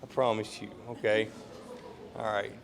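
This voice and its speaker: A man's voice: little pitch movement, a little slow, vocal fry. A young man giving a heartfelt, rambling rehearsal dinner speech, laughing between lines. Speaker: groom giving a toast. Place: large banquet room at a yacht club. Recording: reverberant hall with faint rumble.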